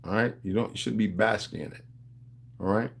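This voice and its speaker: A man's voice: lowish voice, fairly quick, creaky. A man hosting a livestream, talking in a loose, rambling monologue. He preaches to his viewers in street slang and calls them beloved. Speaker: livestream host.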